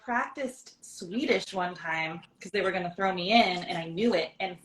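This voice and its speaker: A woman voice actor in casual chat, telling animated stories, acting out lines of dialogue and laughing often. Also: fairly low pitch, moderate pace, a little hiss or hum, rough recording.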